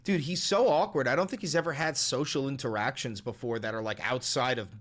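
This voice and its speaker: A man's voice: medium pitch, a little fast. Profane, heated male commentator. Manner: heated, profane, swings in loudness. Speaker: commentator and host. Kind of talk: casual reaction commentary.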